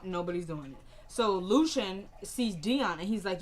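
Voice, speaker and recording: A woman's voice: medium pitch, expressive, moderate pace, few pauses. A woman casually recapping a TV drama episode, retelling scenes by quoting the characters and filling the gaps with "like" and "you know".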